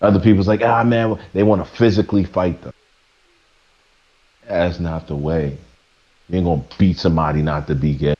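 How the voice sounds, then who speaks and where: A man's voice: low-pitched, fairly even intonation, normal speed, pauses often, lo-fi sound. A man streaming live, ranting preachily to his chat, stumbling and restarting as he presses his points. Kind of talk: casual rant to a live chat.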